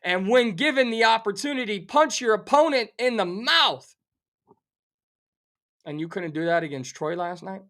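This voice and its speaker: A middle-aged man rants on a sports betting show, animated and sarcastic, playing up his outrage. His voice sits high for a man and sounds sharp and forceful. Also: moderate pace. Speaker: sports talk show host. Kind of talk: fired-up sports betting rant.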